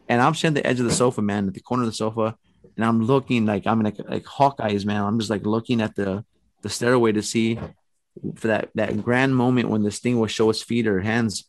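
A man casually telling a long story, rambling and animated, full of fillers. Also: lowish voice, a little fast, no echo. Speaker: storyteller guest. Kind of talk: casual chat.

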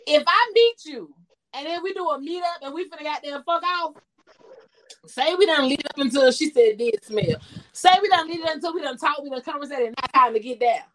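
A woman's voice: high-pitched, lively intonation, a little fast, poor audio. A woman in her forties hosting a podcast, chatting casually, bluntly and profanely, and laughing often. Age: 40s. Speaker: podcast host.

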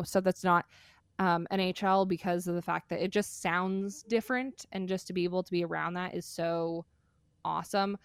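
A woman's voice: lowish voice, clear, resonant tone, no echo, clean studio sound. A young adult woman co-hosting a casual podcast, talking in an enthusiastic, rambling way and laughing as she goes. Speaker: podcast co-host. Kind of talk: casual chat.

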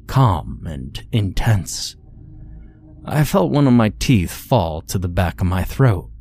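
A man narrating a horror story in a measured, grim first-person telling. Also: low voice, a little mellow.

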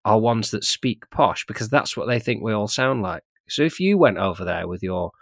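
A man's voice: fairly low pitch, lively intonation, moderate pace, no echo, studio quality. A man with a northern English accent, co-hosting a comedy podcast and teasing his co-host in casual chat. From northern England. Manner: teasing, banters freely.

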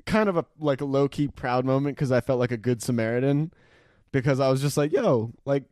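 A young man co-hosting a casual podcast, telling a story with lots of swearing and laughter, often acting out the lines he yelled. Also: mid-range voice, fairly quick, no room sound. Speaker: podcast co-host.

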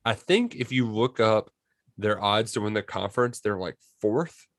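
A man co-hosting a casual college football podcast, talking in animated, excitable bursts. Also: lowish voice, moderate pace, no echo, studio quality. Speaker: podcast co-host. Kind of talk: casual sports chat.

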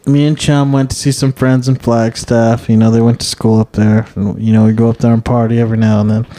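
A man's voice: mid-range voice, level tone, fairly quick, dark tone. A man telling a drunken story in a casual podcast chat, rambling and swearing constantly. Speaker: podcast co-host.

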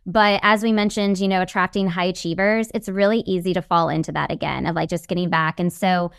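Female interview guest, smooth mid voice, upbeat advice, dry close mic. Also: on the low side, fairly quick, dry recording. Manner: upbeat, animated, gives advice. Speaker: guest, networking expert. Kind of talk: casual interview chat.

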